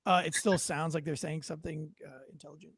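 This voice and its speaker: A man's voice: fairly high pitch, fairly even intonation, quick pace, gravelly, slightly rough, no echo. A man hosting a casual talk show, joking and rambling before turning to a serious topic. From United States. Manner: joking, rambling, self-deprecating. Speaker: podcast host. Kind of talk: casual chat.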